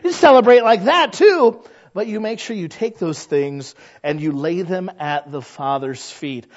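With a high, expressive voice and an unhurried pace, a man preaches as pastor in a folksy, chatty style. He acts out quoted voices along the way, and the recording sounds dull and lo-fi.

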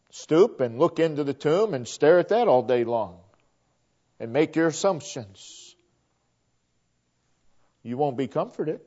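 A man delivers a sermon in an unhurried, deliberate way, hammering phrases through repetition. His voice sits high for a man and lurches from ringing emphasis down to near-whispers. The recording sounds muffled and lo-fi. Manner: dramatic, swinging from loud emphasis to hushed near-whispers. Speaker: preacher. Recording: dull lo-fi recording.

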